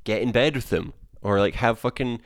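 A man's voice: medium pitch, normal speed, no echo, clean studio sound. A man co-hosting a podcast in loose, rambling, profane casual chat. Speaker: podcast co-host. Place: indoor room.

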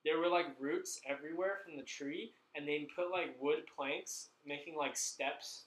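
A man's voice: a little high, a little slow, a bit bright. A man telling a long story in casual chat, rambling and packing nearly every phrase with "like" while swearing freely. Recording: echoey room.

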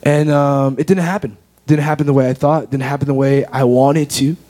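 A man's voice: medium pitch, steady tone, moderate pace, mellow. An American man in his twenties earnestly sharing a personal faith testimony as an interview guest. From United States. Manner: earnest, heartfelt storytelling.

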